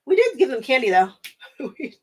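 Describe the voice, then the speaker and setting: A woman's voice: sits high, big pitch swings, moderate pace, slightly rough. An American woman hosting a quilting livestream, chatting casually with viewers, laughing often and thinking aloud with lots of fillers.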